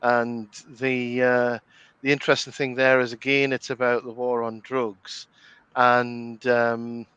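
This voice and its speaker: A middle-aged Geordie man from the North East of England hosts a commentary podcast, chatting casually with lots of ums, restarts and frequent laughter. His voice is smooth, resonant and medium in pitch. The mic is close in a dry space with no room sound, and the highs are cut off.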